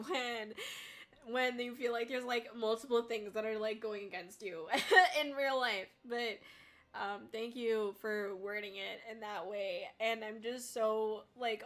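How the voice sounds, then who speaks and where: Bright-voiced tearful woman streamer. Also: medium pitch. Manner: swearing freely, laughing and choking up. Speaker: VTuber streamer. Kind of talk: casual live-stream chat reading viewer messages.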